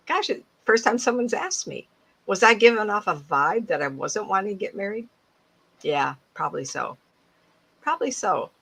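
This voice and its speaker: A woman in her seventies, a psychic medium giving a casual talk to an audience, animated and laughing often as she acts out other people's voices. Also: mid-range voice, moderate pace, husky, poor audio. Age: 70s.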